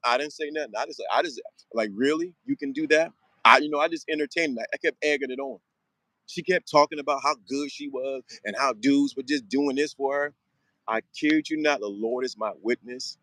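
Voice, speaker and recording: A man's voice: mid-range voice, moderate pace, a bit bright, dry recording, rough recording. A man hosting a show, giving an emphatic motivational monologue full of slang and repeated phrases. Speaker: show host.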